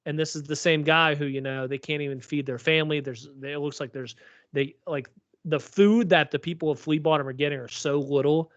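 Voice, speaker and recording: A podcast co-host with a fairly high, steady voice talks quickly about a TV episode, rambling casually with plenty of filler words. The recording is dull and lo-fi, with no room sound.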